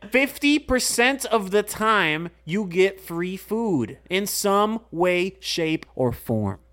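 Man, podcast co-host, high voice, very lively pitch, excitable, emphatic, casual. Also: slow. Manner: excitable, emphatic, calls people bro. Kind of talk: casual chat.

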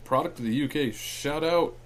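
A man's voice: on the high side, normal speed, a little hiss or hum. A man in his twenties chatting casually on a studio microphone, crude and teasing, laughing often. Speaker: co-host. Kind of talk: casual chat.

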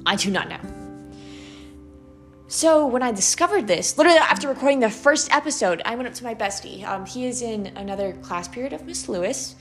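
A young woman with a Valley Girl accent, hosting a student podcast in an animated, chatty way, full of "like" and "okay". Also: on the high side, brisk, soft background music. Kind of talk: casual solo podcast monologue.

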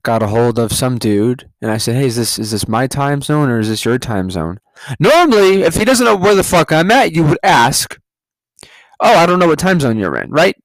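A man's voice: medium pitch, lively intonation, moderate pace, no room sound. A man from California telling a story on his podcast, profane and sarcastic, breaking into laughs. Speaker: podcast host. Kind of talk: casual ranting monologue.

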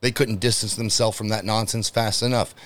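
A man with a slightly low voice hosts a solo podcast rant. He talks in a heated, emphatic way, full of swearing, and speaks straight to his listeners as if rallying them. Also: little pitch movement, brisk. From United States. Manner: direct address to listeners. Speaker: podcast host.

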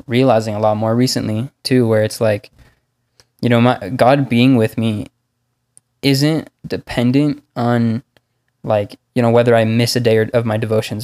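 Laid-back man talking faith. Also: mid-range voice. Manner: relaxed, many fillers like "like". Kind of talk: casual faith conversation.

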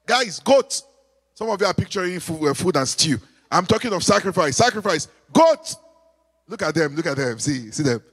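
A man preaching a sermon, animated, with call-and-response, sudden shouts and sung lines. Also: on the high side, brisk, slightly rough, in a large hall. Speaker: pastor.

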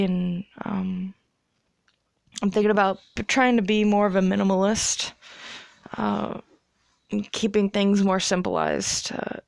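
A young woman hosting her own podcast, rambling about her life in a relaxed, profane way with lots of fillers. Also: mid-range voice, creaky, dry recording, clean studio sound. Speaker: podcast host. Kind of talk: casual solo chat.

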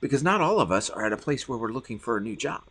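A man's voice: mid-range voice, animated, fast talker, fairly bright tone, husky. A middle-aged man preaching a podcast sermon as pastor, earnest and often repeating words as he stresses a point.

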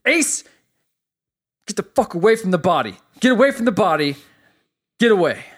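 A man voicing an upset young male street tough who is crying and yelling at his leader. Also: on the high side, fairly quick. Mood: frantic.

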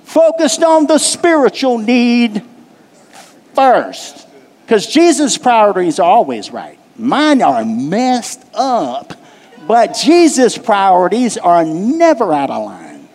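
A man's voice: high voice, big pitch swings, slow pace, a little mellow, in a large hall. A man preaching a sermon to his congregation, pressing his points with repetition and questions put to the room. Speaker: pastor. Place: church sanctuary.

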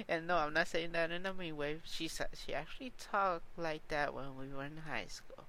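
A man's voice: fairly high pitch, normal speed, bright, forceful tone, slight background noise. A man talking alone as a podcast host, informal and candid, hesitant with many fillers and restarts. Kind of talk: unedited solo podcast talk.

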